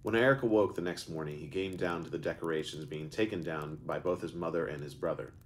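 Deep-voiced man reading his book aloud. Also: fast talker, slight background noise. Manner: unscripted stumbles and self-corrections. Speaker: author and narrator.

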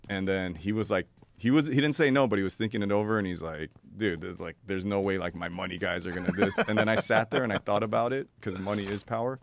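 Very deep-voiced man telling rambling stories. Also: quick pace. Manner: rambling storyteller, many fillers and laughs. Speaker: guest. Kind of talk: casual chat.

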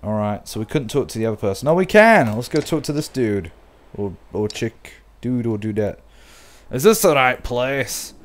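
A man's voice: mid-range voice, expressive, moderate pace. A man playing a story game, reading it aloud and chatting playfully, trying out character voices. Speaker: gameplay narrator.

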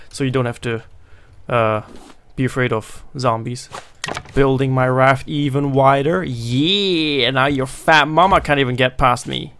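A man commentating a survival video game. He jokes often and yells when things go wrong. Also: mid-range voice, slight background noise. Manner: excitable, jokey, yells at the game. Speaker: gaming video host. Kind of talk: let's play commentary.

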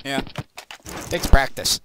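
A man's voice: slow, background noise. A man chatting casually and joking while playing a multiplayer shooter and recording the match. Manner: laid-back, laughing, joking reactions. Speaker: gamer recording his match. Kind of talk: casual voice chat while gaming. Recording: voice chat over loud game gunfire. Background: loud game gunfire.

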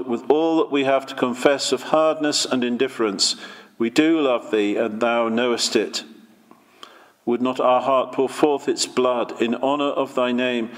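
A man reads an old sermon aloud in a measured, solemn cadence. His voice sits at an ordinary middle pitch. Long reverb hangs behind each phrase. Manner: slow, measured, solemn delivery. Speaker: reader of sermons. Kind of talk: reading a Victorian sermon aloud.

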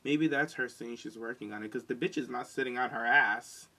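A man co-hosting a podcast, chatting in a sassy, animated way and mocking people with quoted lines. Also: medium pitch, fairly quick, poor audio. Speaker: podcast co-host. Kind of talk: casual chat.

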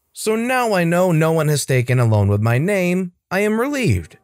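A man narrating a first-person online revenge story in an animated, scripted read. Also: sits high, moderate pace, hardly any pauses, faint music behind.

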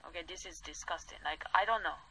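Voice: mid-range voice, quick pace, pushed and bright, husky, poor audio. A vlogger ranting indignantly, with many "like" fillers and non-native English phrasing. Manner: indignant, heavy use of "like" fillers. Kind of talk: angry commentary rant.

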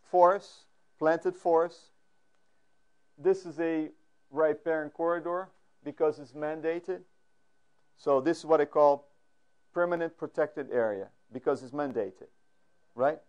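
A man lecturing a class, halting often with fillers and restarts and putting questions to the audience. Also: on the high side, a little mellow, clean tone, lo-fi sound. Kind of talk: academic lecture. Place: lecture room.

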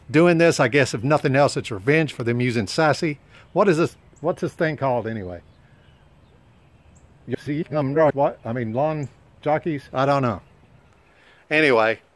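Man as arrogant lawn-care CEO, smug insulting rambler, medium pitch. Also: fairly bright tone, dry recording, lightly acted. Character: arrogant, pompous male lawn-care company boss. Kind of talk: comedy sketch monologue.

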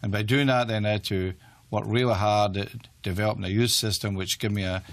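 An older man with a Glaswegian accent, a retired football manager answering interview questions in a reflective, halting way with frequent restarts. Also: on the low side, fairly even intonation, no echo. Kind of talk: interview conversation.

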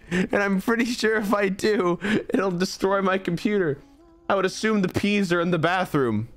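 A man's voice: sits high, moderate pace. A young man streaming a game, talking through it in a rambling, exasperated, self-mocking way. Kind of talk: casual gameplay commentary.

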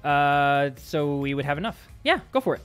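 A man's voice: on the high side, sing-song, normal speed, clean tone, soft background music. A man hosting a casual game session, upbeat and explaining the game mechanics as he plays. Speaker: host and map maker. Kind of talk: casual gameplay chat.

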